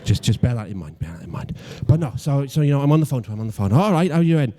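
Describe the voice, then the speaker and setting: A man's voice: medium pitch, big pitch swings, very fast, mellow. A young man in his twenties with a Welsh accent doing a stand-up routine, self-deprecating and mock-logical, with stammering restarts. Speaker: stand-up comedian.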